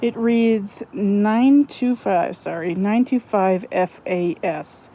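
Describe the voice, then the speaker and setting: A woman narrating her metal detecting finds outdoors on a wooded property in a chatty, excitable way, often correcting herself. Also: medium pitch, takes it slowly, slight background noise, poor audio. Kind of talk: casual outdoor vlog narration.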